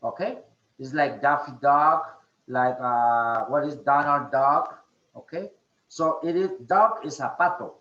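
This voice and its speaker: A man teaching an online English class, speaking slowly with many fillers and a repeated "okay?". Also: mid-range voice, fairly bright tone, roomy sound, highs cut off. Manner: slow, repeats "okay?" often, hesitant fillers.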